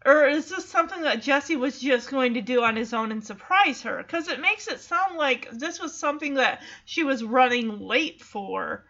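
A woman's voice: sits high, lively intonation, moderate pace, few pauses, bright, forceful tone, highs cut off. A woman casually recapping a sitcom episode, chatty, with laughing asides. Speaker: show recapper.

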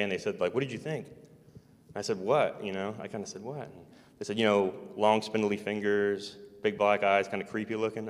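Low-voiced man telling a rambling story. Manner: meandering, hesitant, with soft chuckles. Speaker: former navy serviceman recounting an experience. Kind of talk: casual first-person account. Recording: long hall reverb.

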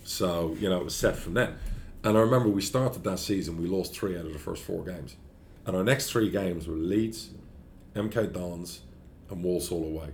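A man's voice: low-pitched, a little hiss or hum. A man, a football club chairman telling stories in an interview, blunt and profane. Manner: blunt, profane, animated storyteller. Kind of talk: anecdotal interview storytelling.

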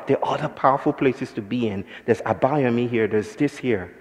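Brisk and barely pausing, a man with a medium-pitched voice delivers a poetic public talk as an invited speaker, the recording muffled and echoing around the lecture hall. He moves from musing reflection to impassioned emphasis before the audience.

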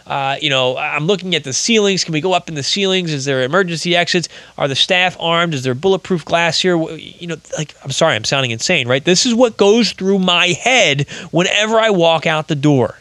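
A man's voice: a little high, fairly quick, pushed and bright, no room sound. A middle-aged man talking earnestly about his own life, rambling with restarts. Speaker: podcast host, veteran and author. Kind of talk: personal confessional talk.

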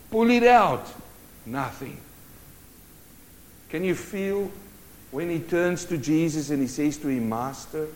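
A man preaching a sermon, swinging from loud urgent bursts to hushed, intimate lines. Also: fairly high pitch. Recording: long hall reverb.

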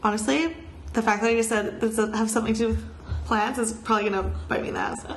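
Young woman co-host, higher-pitched, bubbly reactive chatter, roomy echo. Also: fairly even intonation. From Vancouver, Canada. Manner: bubbly, quick reactions and asides. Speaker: podcast co-host. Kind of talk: casual chat. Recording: echoey room with faint noise.

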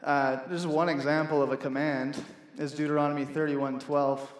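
A man's voice: fairly high pitch, flat delivery, moderate pace, slight background noise. A young man preaching a sermon in a church, earnest and conversational, repeating key phrases for emphasis. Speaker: pastor. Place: church hall. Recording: echoey hall from far off.

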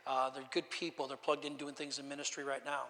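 A man's voice: mid-range voice, level tone, fast, bright, forceful tone, in a large hall. A man pastor preaching a testimony sermon in a storytelling way, emotional and repeating his words.

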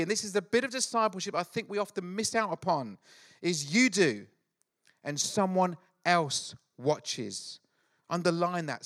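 A middle-aged man preaching a sermon, telling Bible stories in an animated, joking way with quick acted asides. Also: high voice. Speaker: pastor.

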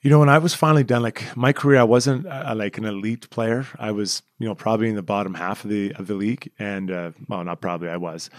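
A man's voice: fairly low pitch, quick pace, hardly any pauses, dry recording, studio quality. A Canadian man in his forties, a former hockey player telling stories in a casual, self-deprecating interview. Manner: chatty, self-deprecating, animated when retelling stories.

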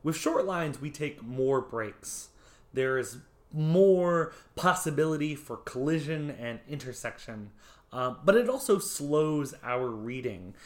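Man giving a relaxed poetry lecture. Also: a little high, slow. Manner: explains patiently with frequent ums and small restarts. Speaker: poetry instructor. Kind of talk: conversational lecture.

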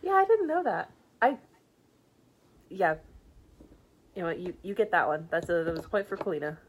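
A woman's voice: on the low side, huge pitch swings, normal speed, a little hiss or hum. A young woman co-hosting a podcast, easygoing and teasing in casual chat, often restarting her sentences. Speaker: podcast co-host.

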